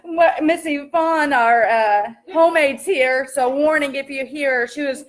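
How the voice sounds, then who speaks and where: A chatty young woman talks through a casual livestream while she cooks in her home kitchen, upbeat and quick to laugh. Her voice sits high and bright, and she greets each viewer by name into a phone camera. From American countryside. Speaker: livestream host cooking while reading comments.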